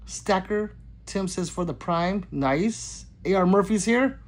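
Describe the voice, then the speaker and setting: A man's voice: a little high, animated, a little fast. A man hosting his own gun channel livestream, reading viewer comments aloud and joking back in a loose, casual way. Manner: loose, joking, swings between loud greetings and mutters. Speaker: gun channel host reading live chat.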